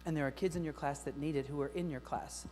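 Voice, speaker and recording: Keynote presenter, middle-aged man, upbeat and joking, highish voice, long echo in a big auditorium, faint hum. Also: quick pace. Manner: energetic, joking, talks straight to the audience. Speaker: keynote speaker to teachers. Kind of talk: lively conference keynote. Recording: long hall reverb with faint mains hum.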